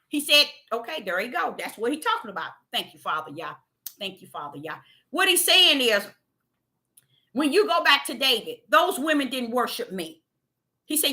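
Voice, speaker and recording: A woman's voice: sits high, big pitch swings, moderate pace, sharp tone. A woman preaching a spontaneous sermon, fervent and exhorting. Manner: fervent, exhorting, retells visions in dialogue.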